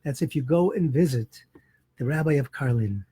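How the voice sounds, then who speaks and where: A man voicing a poor but cheerful Hasidic man who speaks warmly. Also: medium pitch, lively intonation, moderate pace, breathy edge, dry recording, pitched below the performer's own voice. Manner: warm, cheerful.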